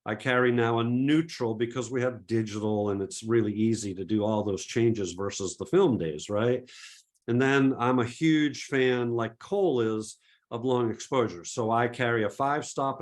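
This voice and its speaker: A middle-aged man from Massachusetts with no regional accent, answering audience questions in a relaxed webinar, chatty and full of restarts and fillers. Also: mid-range voice, normal speed. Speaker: photography presenter.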